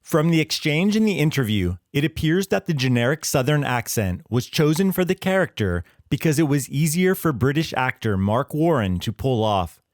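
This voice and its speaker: A man reading a scripted history explainer in a measured, explanatory way. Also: on the high side, very animated, no echo, studio quality. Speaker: history channel narrator. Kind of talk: scripted narration.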